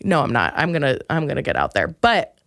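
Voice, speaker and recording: A young woman comedian hosting her podcast, rambling through a casual comic monologue with self-mocking asides and sudden high excited quotes. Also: a little fast, no room sound, studio quality.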